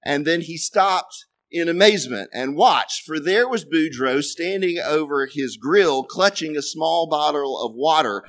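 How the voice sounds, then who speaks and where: A man's voice: fairly high pitch, lively intonation, a little slow, hardly any pauses, a bit bright. A man preaching to a congregation, telling a joke with dry, self-deprecating asides. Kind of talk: storytelling a joke in a sermon.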